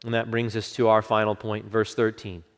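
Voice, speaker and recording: A man's voice: lowish voice, completely flat delivery, moderate pace. Fervent preacher man in a reverberant hall. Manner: fervent, rising to bursts then dropping to hushed quotes. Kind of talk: expository sermon. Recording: long reverb of a large hall.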